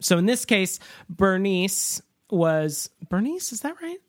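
A man's voice: high-pitched, very animated, slow pace, dry recording, clean studio sound. Rambling joking podcast guy. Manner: joking, rambling, many ums and uhs. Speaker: podcast co-host. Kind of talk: casual podcast chat recapping a film.

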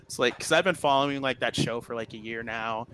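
A man in a band telling stories in a casual interview, excitable and full of "like" fillers. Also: medium pitch, fairly quick, a little hiss or hum, rough recording. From Ohio. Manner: excitable storyteller, heavy "like" filler, acts out quotes. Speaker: band member guest.

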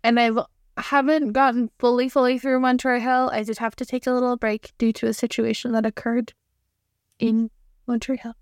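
A young woman co-hosting a podcast in casual chat, animated and quick to act out little quoted lines. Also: a little high, no echo, clean studio sound. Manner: chatty, animated, quotes herself in voices. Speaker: podcast co-host.

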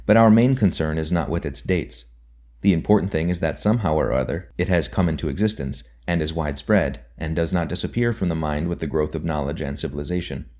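A man with a very low, deep voice reads a nonfiction book aloud for an audiobook. His delivery is measured and deliberate. His voice sinks quietly whenever he marks off a quotation. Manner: measured, deliberate reading that drops softly on quote markers. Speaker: audiobook narrator. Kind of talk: scripted reading of a nonfiction book.

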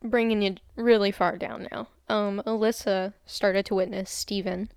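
A young woman with a smooth, resonant voice talks through a crime case in a casual podcast chat. The recording is dry and close, in a room with the window open. She tells it step by step, relaxed and unhurried, with easy fillers. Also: mid-range voice, no echo. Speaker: podcast co-host.

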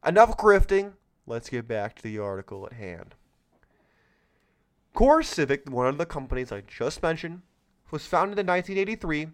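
Sarcastic, lively-pitched male podcast host. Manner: sarcastic, mocking, exclamatory. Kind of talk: solo political commentary podcast.

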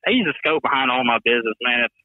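Speaking quickly and expressively in a mid-range voice, this twenty-something man has a thick Alabama accent and an easygoing drawl. He's a guest on a casual phone interview, often slipping in "man" and "you know." The line is tinny and dry, with no room sound at all.

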